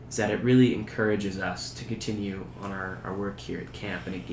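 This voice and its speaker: Brief: earnest young male guest, low voice, hesitant and sincere, echoey room with faint hum. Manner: earnest, thoughtful, hesitant with fillers. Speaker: camp staff guest. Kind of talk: casual interview chat. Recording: roomy recording with faint background hum.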